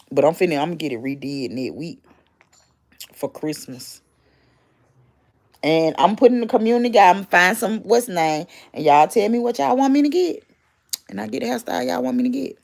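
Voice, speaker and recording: A woman's voice: fairly low pitch, vocal fry. A woman, casually ranting and gossiping on a livestream, blunt and profane. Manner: blunt, profane, loudly animated.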